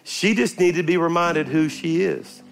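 An older man preaches in a church with a voice pitched a little high for a man. He moves between animated storytelling and forceful preaching, with soft music playing under his words. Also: moderate pace, creaky. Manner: animated storytelling, rising to forceful preaching then quiet prayer. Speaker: pastor. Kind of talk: sermon. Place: church sanctuary.

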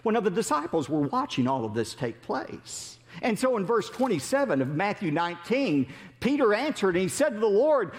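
A man preaching a sermon as an animated storyteller who asks rhetorical questions. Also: high voice, moderate pace, big-room sound. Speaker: pastor.

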